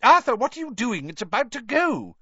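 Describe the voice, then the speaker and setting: A man voicing a fussing, motherly middle-aged witch in a bustling, high-pitched and urgent manner. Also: wildly swooping pitch, measured pace, fairly bright tone, dry recording, highs cut off, full character voice. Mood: urgent calling.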